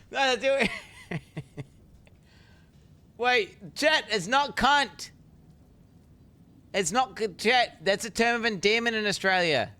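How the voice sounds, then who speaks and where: A man's voice: sits high, animated, slow, long pauses, bright, forceful tone. A man in his thirties streaming a game and chatting loosely with his viewers, swearing constantly and joking around. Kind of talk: casual live-stream chat.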